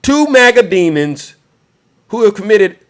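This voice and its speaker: A man's voice: high-pitched, very animated, a little slow. A man giving fiery political commentary, mocking and preachy as he taunts his audience.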